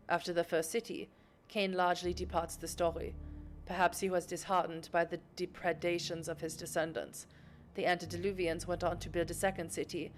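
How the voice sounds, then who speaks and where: A woman reading the lines of a scholarly male vampire companion who tells an old legend in a measured tone. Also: lowish voice, natural voice.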